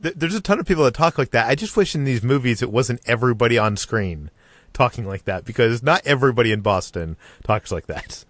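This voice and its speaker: A man's voice: medium pitch, animated, a little fast, dry recording. A man from the United States hosting a casual podcast discussion, rambling and restarting his sentences. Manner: rambling, self-interrupting. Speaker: podcast host.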